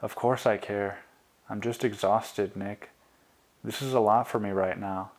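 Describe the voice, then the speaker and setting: Hurt, exhausted young girlfriend, soft and tearful, in a low voice, read by the male narrator. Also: fairly even intonation, measured pace. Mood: weary.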